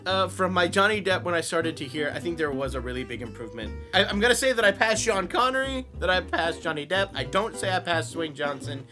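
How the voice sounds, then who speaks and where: A young man with a high voice, a voice actor and YouTuber, chats casually in a vlog about practicing impressions, with music playing behind him. He's animated and self-deprecating, laughing quickly at himself.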